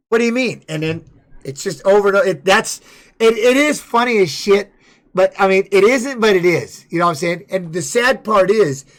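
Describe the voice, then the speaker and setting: A middle-aged man, a former fighter, swearing freely as he tells a rambling story on his live stream. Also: high-pitched. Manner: profane, animated retelling.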